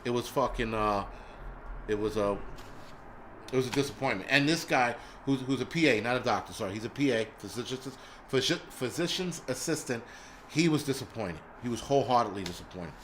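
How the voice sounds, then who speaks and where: A man's voice: mid-range voice, a little fast, a bit bright, slight background noise. A middle-aged man, hosting a live stream in casual chat, blunt and profane as he vents.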